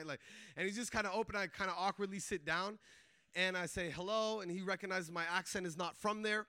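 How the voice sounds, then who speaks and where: A man telling a faith testimony in a casual, animated storytelling way, full of filler words and quick laughs. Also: high voice, no room sound. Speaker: speaker sharing a faith testimony.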